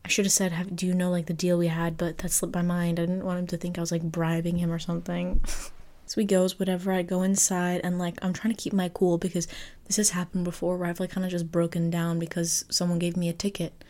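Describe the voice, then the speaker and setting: A young woman telling a personal story in a casual, expressive podcast monologue, full of fillers and the odd swear word. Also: on the low side, fast. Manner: chatty, expressive, lots of fillers and mild swearing. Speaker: podcast host.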